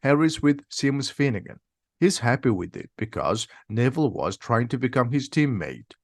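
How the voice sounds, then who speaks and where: A man's voice: mid-range voice, creaky, no room sound, clean studio sound. Man reading a simple audiobook. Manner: slow, plain, steady reading. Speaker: reader.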